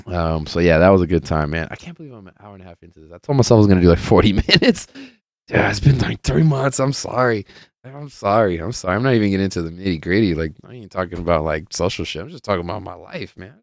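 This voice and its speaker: Deep-voiced man rambling on a podcast. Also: expressive, rapid-fire, few pauses, darkish tone, no echo. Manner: rambling, profane, laid-back storytelling with many fillers. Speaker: podcast host. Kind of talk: casual solo podcast life update.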